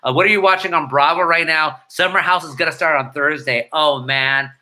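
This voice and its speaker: A middle-aged man from chats through viewer comments in quick, irreverent bursts, flipping between Spanish and English. His voice sits a little high for a man and rings very bright and forward. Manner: irreverent, rapid-fire banter mixing Spanish and English, breaks into singing. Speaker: host answering viewer comments. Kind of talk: casual live-stream chat.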